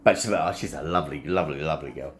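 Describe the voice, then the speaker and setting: Deep-voiced blunt Australian man. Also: racing, a little hiss or hum. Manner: rambling, blunt and sweary. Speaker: vlogger. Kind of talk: casual spoken monologue.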